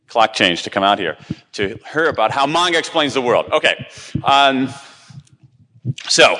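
A man's voice: low voice, a bit bright, long reverb tail. A middle-aged man giving a chatty, self-deprecating live conference talk, with many ums and restarts. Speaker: conference speaker.

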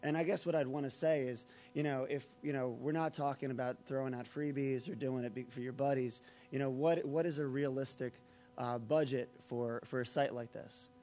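Man, mid pitch, hesitant panelist, faint music. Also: fairly even intonation, normal speed, dark tone. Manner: hesitant, many fillers. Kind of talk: casual panel discussion.

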